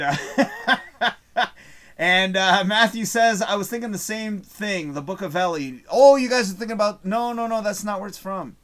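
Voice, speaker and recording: A man's voice: high-pitched, fairly bright tone. A man hosting a live show, reading out chat messages in a casual, rambling way, swearing often and losing his train of thought.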